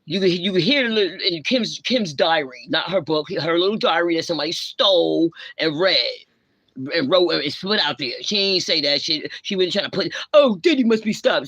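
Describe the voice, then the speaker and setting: A woman rants on her livestream, lecturing and scolding in blunt street slang. Her voice is sharp and forceful, and the sound is dry and close with no room echo. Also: on the low side, husky. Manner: blunt, confrontational, heavy slang. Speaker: livestream host. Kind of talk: ranting live commentary.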